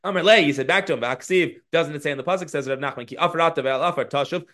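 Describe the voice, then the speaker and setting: A man teaching a podcast lesson, reading Hebrew and Aramaic lines and translating them with lively storytelling. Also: a little high, rapid-fire. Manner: lively storytelling of the Talmud passage. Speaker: Torah teacher.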